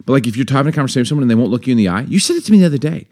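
A man co-hosting a casual podcast chat, animated and jokey, full of quick asides. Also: mid-range voice. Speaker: podcast co-host.

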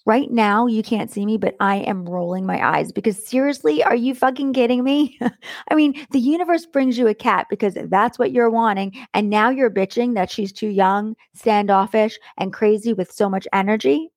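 A woman's voice: medium pitch, moderate pace, dry recording, studio quality. A middle-aged woman hosting a podcast and telling a personal story in a chatty, blunt way, laughing often. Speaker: podcast host. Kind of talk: casual storytelling monologue.

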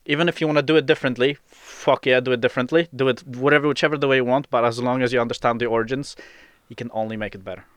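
Smooth-voiced man, earnest. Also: medium pitch, fairly even intonation, no room sound. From Poland. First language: Polish. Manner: earnest, halting, repeats words. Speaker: podcast co-host. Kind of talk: casual chat.

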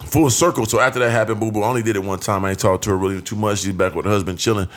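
A man's voice: lowish voice, fairly even intonation, very fast, a bit bright. A young man casually telling a profane, slang-heavy story on a podcast.

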